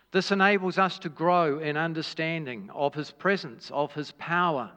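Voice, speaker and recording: A man preaching a sermon as a pastor, telling a story in a measured way with dramatic pauses. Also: a little high, fairly bright tone. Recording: dull hall reverb.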